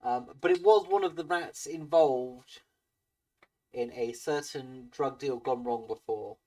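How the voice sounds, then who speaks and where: A man's voice: medium pitch, a little slow, mellow. A man narrating as game master of a tabletop game, hesitant with frequent ums. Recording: voice from far off the mic.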